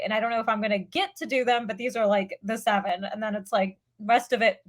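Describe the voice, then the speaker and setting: A woman's voice: mid-range voice, fairly even intonation, quick pace. A young woman comedian guesting on a podcast, talking in rambling, sardonic and profane riffs. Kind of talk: casual comedy podcast chat.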